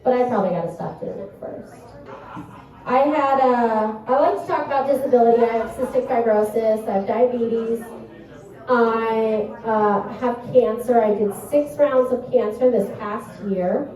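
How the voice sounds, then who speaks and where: A woman's voice: fairly high pitch, warm tone. Rambling woman doing stand-up. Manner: rambling, self-deprecating, halting storytelling. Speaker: comedian. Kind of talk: stand-up comedy set. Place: small comedy club stage. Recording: echoey club heard from a distance.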